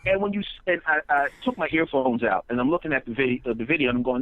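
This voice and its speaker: A man's voice: medium pitch, quick pace, few pauses, phone-quality sound. A man, a comedian guest, telling stories in an interview, rambling with restarts and acting out quotes. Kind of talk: storytelling interview chat.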